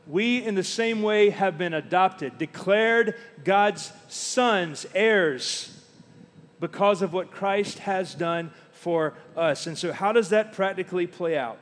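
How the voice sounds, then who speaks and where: A middle-aged man preaching a sermon, telling stories and slowing down to stress key words. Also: high-pitched. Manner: storytelling preacher, slows down for emphasis. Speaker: pastor. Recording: long hall reverb.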